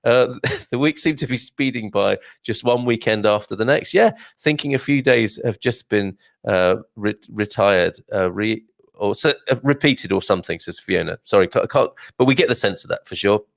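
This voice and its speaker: A man's voice: on the low side, normal speed, gravelly, no echo, clean studio sound. A man hosting a casual morning live stream, chatting and reading out viewer comments in a self-amused way, with lots of fillers and restarts.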